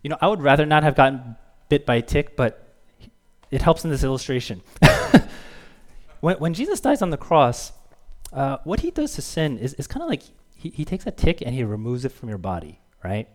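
A man's voice: medium pitch, sing-song, normal speed. A man in his thirties, a pastor giving a sermon in an easygoing storytelling way, with fillers and chuckles. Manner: casual storytelling with fillers and laughs.

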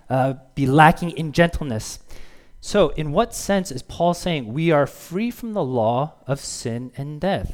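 Male pastor, 30s, relaxed storytelling sermon, casual and chatty. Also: a little high. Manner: casual storytelling with fillers and laughs.

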